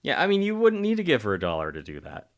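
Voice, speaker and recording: A man's voice: mid-range voice, wildly swooping pitch, fast. A man co-hosting a podcast, chatting casually about a movie with wry jokes and frequent laughs. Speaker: podcast co-host. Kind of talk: casual movie-review chat.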